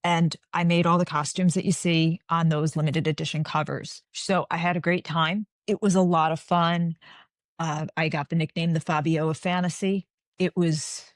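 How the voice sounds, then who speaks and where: A woman in her forties chatting as an interview guest, with a voice a touch lower than most women's. She tells her stories with animation and slips into the voices of the people she quotes. The sound is close and dry. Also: dry recording. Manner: animated storyteller, acts out quoted dialogue. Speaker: guest author. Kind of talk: casual interview chat.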